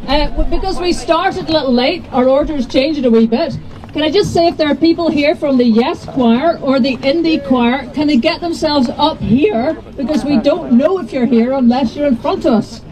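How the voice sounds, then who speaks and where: A Scottish woman hosts a rally and brings on the next speaker. Her voice sits quite high, and she runs through the announcements briskly. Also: a little mellow, rough recording. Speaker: rally compere.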